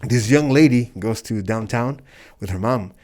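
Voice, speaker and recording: A man's voice: mid-range voice, moderate pace, a little mellow. A man in his forties, a professional wrestler from El Paso and Juárez, earnestly telling stories in a casual interview and acting out the voices in them. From El Paso, Texas and Juárez, Mexico.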